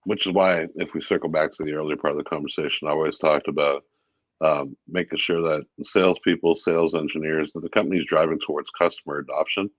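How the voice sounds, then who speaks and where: Man, extremely low voice, relaxed chatty guest, dull dry recording. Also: fast, no room sound. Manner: relaxed, chatty, many fillers. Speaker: guest, VP of sales. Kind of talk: casual interview talk.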